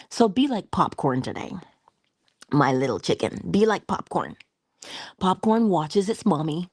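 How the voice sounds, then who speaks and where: A woman giving a spiritual motivational talk in a soft-spoken way, often dropping into whispers, with playful, affectionate asides. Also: sits low, gravelly, no echo, clean studio sound. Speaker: inspirational speaker.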